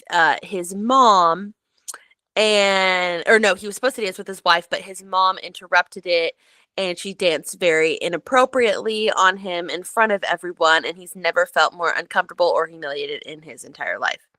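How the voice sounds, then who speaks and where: A woman co-hosting a podcast, recounting a story in casual chat, animated and full of "like" and "um". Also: on the low side, no room sound. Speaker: podcast co-host.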